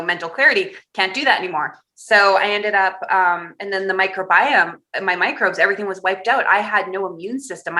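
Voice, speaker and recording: A woman's voice: fairly low pitch, bright, forceful tone. A woman guest on a podcast interview, telling a personal story candidly and with animation, often laughing through hard memories.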